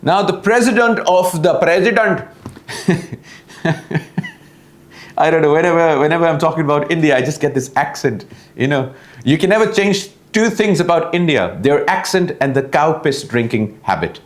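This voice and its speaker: A man's voice: fairly high pitch, expressive, normal speed. Laughing Pakistani man mocking the news. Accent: Pakistani English. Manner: mocking, laughs through his own jokes. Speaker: host of a satirical news show. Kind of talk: satirical news comedy monologue. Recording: roomy, echoey room.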